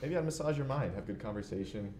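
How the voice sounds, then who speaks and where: Fast-talking joking bachelor. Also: male voice, on the low side, expressive, roomy sound, background noise. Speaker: dating game contestant. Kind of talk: casual pitch to a date on a live stream.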